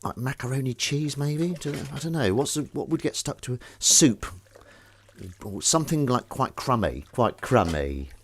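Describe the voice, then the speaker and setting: A man's voice: mid-range voice, animated, moderate pace, a little hiss or hum. A man chatting casually while he does the washing up, rambling, jokey and self-mocking, with the odd swear word. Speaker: host doing the washing up on a live stream.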